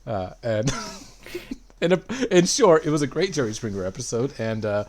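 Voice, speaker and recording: A man, a player in a tabletop game, recapping the last session in a rambling, excitable way full of fillers. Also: medium pitch, moderate pace.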